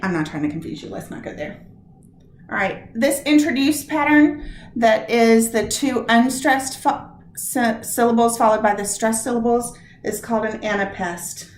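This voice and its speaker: A woman teaching a lesson on poetic meter, explaining step by step and sounding out words slowly to show where the stress falls. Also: fairly high pitch, roomy sound, a little hiss or hum. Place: room with a whiteboard.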